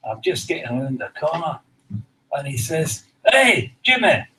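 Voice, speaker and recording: A man's voice: medium pitch, moderate pace, heavy background noise. A man telling a long, rambling stand-up story with dry, self-deprecating understatement. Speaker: comedian.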